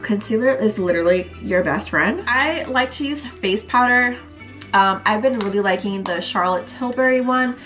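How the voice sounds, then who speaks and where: A woman's voice: mid-range voice, normal speed, fairly bright tone, faint music behind. Stuffy-nosed young woman doing a chatty makeup tutorial at home, rambly, lots of likes and ums. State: congested. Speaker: beauty vlogger. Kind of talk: casual makeup tutorial chat.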